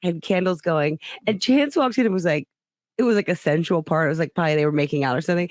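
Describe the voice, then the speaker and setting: A woman's voice: fairly low pitch, fast, darkish tone, no room sound, studio quality. A woman hosting a comedy podcast, chatting casually and animatedly and laughing often.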